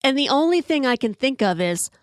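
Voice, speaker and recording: A woman in her fifties hosting a podcast, telling a story in an animated, profane way and acting out the quotes. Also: high voice, brisk, no echo, clean studio sound. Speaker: podcast host. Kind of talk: storytelling monologue.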